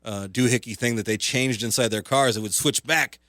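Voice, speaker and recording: A man's voice: mid-range voice, moderate pace, sharp tone, no room sound, clean studio sound. Sarcastic, rambling male radio host. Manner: sarcastic, self-mocking, rambling with fillers. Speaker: talk radio host and comedian. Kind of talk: casual comedic radio monologue.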